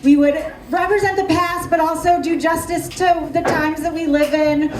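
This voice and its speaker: A woman's voice: very high-pitched, fairly even intonation, normal speed, background noise. A woman performing live improv comedy in an earnest, pleading manner. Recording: echoey bar recording from far off.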